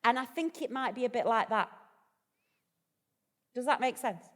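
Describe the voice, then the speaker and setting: Chatty woman vicar cracking jokes on stage, bit high voice, long echoey hall sound. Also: animated, moderate pace. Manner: chatty, jokey, self-deprecating. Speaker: vicar and guest. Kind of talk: live on-stage conversation. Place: festival event hall.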